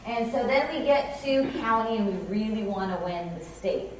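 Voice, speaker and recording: A Californian woman in her forties, a company president, gives a conference keynote, telling stories chattily with restarts. Her voice is on the high side and animated, at normal speed. The hall is echoey, the mic distant, with slight background noise.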